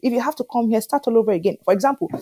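A woman, an animated storyteller in an interview who keeps asking whether you understand. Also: on the high side, racing. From Nigeria. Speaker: interview guest. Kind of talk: conversational interview.

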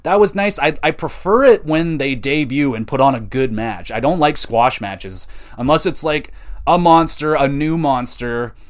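A man's voice: medium pitch, normal speed. Casual man reviewing wrestling. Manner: loose, rambling, swears casually, frequent fillers. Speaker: podcast host reviewing wrestling.

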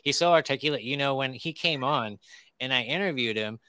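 A man's voice: mid-range voice, fairly quick, pushed and bright, clear, resonant tone, dry recording. A man hosting a casual podcast interview, enthusiastic and chatty, swearing freely and laughing often. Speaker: podcast host.

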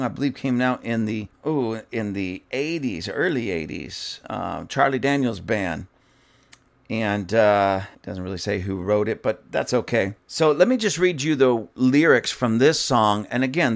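Middle aged guy with a gravelly voice reading song lyrics out loud, chatty asides in between. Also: mid-range voice. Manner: conversational, reads lyrics aloud with asides. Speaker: political commentary host.

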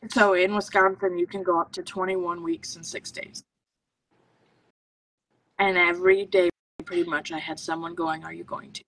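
She's a podcast guest and medical intuitive, recounting her personal story intensely and earnestly while voicing her own thoughts. Her lowish voice is level and a bit bright at normal speed with long pauses, picked up at a distance from the mic with slight hiss or hum.

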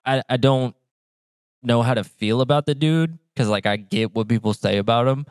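Laid-back, smooth-voiced podcast host. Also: male voice, medium pitch, normal speed, no room sound. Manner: laid-back, blunt, profane. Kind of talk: casual podcast chat.

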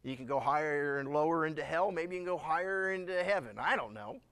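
A male pastor preaching a sermon, acting out scenes in lively, dramatic voices. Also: a little high, fairly quick. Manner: animated, acts out dialogue.

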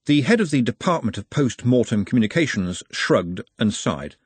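Brief: husky male storyteller, lively pitch, dry close sound. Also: normal speed, dry recording. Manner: expressive, wry. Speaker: audiobook narrator. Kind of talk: scripted narration.

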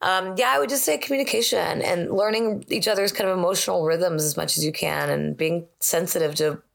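Woman, 30s, podcast co-host; low-ish voice, candid rambling delivery. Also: brisk, creaky. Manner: candid, rambling, many restarts. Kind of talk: casual chat.

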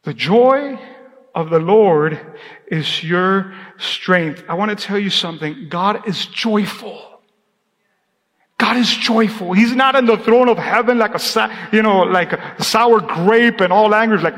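A man preaching to his church in a high, bright voice. He calls out to the congregation and then drops to a near-hush for emphasis. His voice rings with the long reverb of a church hall. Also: measured pace. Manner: preaching with call-and-response, drops to a hushed tone for emphasis. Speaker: pastor. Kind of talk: sermon. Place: church sanctuary.

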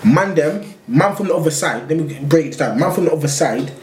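A man's voice: fairly high pitch, fairly quick. A man with a London accent telling a long story in casual, slang-filled chat. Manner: slangy, rambling, animated retelling. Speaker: podcast guest telling his story. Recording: echoey room with faint noise.

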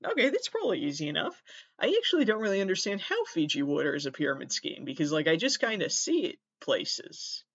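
A man's voice: on the high side, very animated, fairly quick, a bit bright, no room sound. Male podcast host, rambling comic monologue, self-mocking, slightly muffled dry recording. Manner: rambling, self-deprecating, stumbles over names. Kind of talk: casual comedic monologue. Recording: dull lo-fi dry sound.

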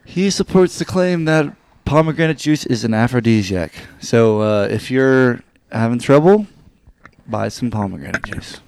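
A man's voice: medium pitch, lively intonation, creaky, darkish tone, smooth, dry recording. Young guy on a beer podcast, joking around, cuts in a lot, dry close mic. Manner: quick joking interjections. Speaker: podcast co-host. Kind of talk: casual beer-tasting chat. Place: home studio.

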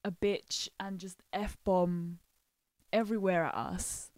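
A young woman hosting a podcast, telling work stories in a casual, animated way and acting out what people said. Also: fairly low pitch, takes it slowly, dry recording. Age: young adult. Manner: animated, acts out quotes, laughs often. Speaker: podcast host. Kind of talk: casual storytelling chat.

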